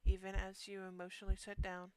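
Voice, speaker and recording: A woman streamer reading a horror game's text aloud, slow and deliberate, often dropping to a hushed near-whisper, with quick asides between passages. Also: mid-range voice, completely flat delivery, clean tone, no echo, rough recording.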